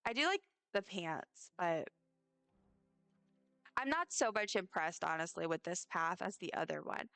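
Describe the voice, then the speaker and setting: A woman's voice: on the low side, expressive, a little slow, pauses often, fairly bright tone, clear, resonant tone, no echo, faint music behind. A young woman streaming a game, chatting to her viewers in a rambling, friendly way as she plays. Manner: rambling, chatty, talks straight to her chat. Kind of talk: casual live-stream chat while playing.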